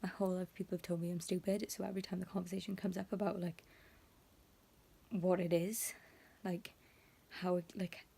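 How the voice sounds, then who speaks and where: A woman's voice: on the low side, level tone, brisk, vocal fry, pauses often, dark tone, husky. A young woman talking emotionally in a casual vlog, rambling with lots of fillers and slipping into half-whispered asides. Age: young adult. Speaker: vlogger.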